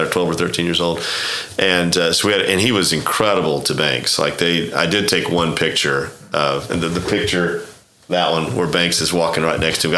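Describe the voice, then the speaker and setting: A middle-aged man from Oklahoma with a very low, bright and forceful voice rambles through an animated golf story, full of restarts and voiced-out dialogue. He sounds a little roomy, as if recorded in an echoey space. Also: a little hiss or hum. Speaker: golf club professional, guest. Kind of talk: casual storytelling interview. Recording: echoey room.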